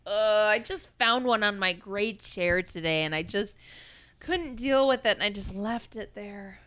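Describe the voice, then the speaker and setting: A woman's voice: medium pitch, measured pace, fairly bright tone. Playful, reactive woman co-host. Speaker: podcast co-host. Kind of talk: casual comedic chat.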